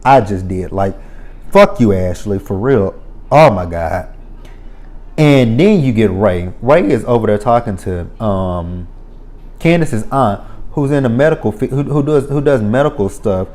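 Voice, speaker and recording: A man's voice: fairly low pitch, lively intonation, a little slow, darkish tone. A man giving a casual spoken recap of a reality show, blunt and profane, ranting with exasperation.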